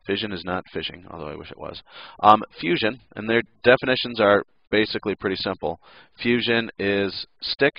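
A man's voice: lowish voice, fairly quick, vocal fry, no room sound, dull audio. A male teacher giving a casual recorded lesson, joking and making playful sound effects.

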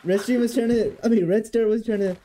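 Laughing Canadian man, mellow tone. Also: sits high, steady tone, brisk. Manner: laughing, rambling banter. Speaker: streamer. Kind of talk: casual gaming chat.

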